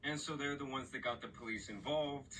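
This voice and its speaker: A man's voice: medium pitch, brisk, sharp tone, recorded from a distance, low-quality recording. A man giving casual reaction commentary in a blunt, profane, mocking way. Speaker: commentary YouTuber.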